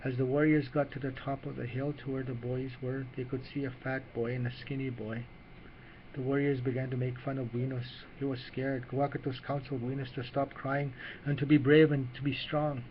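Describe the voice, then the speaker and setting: A man narrating a children's story in an unhurried way, with small restarts as he reads. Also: medium pitch, lo-fi sound, a little hiss or hum.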